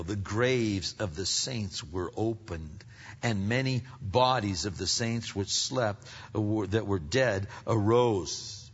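A man preaching a sermon. He swings between loud, emphatic peaks and hushed, low passages. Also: slightly rough. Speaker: pastor. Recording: muffled sound with long hall reverb.

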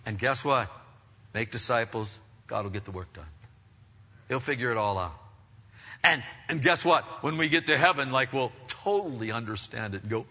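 Energetic pastor preaching in a reverberant hall. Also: male voice, mid-range voice, moderate pace. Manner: energetic, rising to emphatic bursts, many restarts and questions to the congregation. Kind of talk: sermon. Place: church sanctuary. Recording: dull reverberant church hall recording.

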